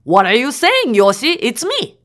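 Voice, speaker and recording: A woman's voice: a little high, wildly swooping pitch, normal speed, a bit bright. A woman voicing an old woodcutter made young again, who talks eagerly and stammers when surprised, in a told folk tale. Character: old woodcutter turned young man, excited. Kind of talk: storybook telling.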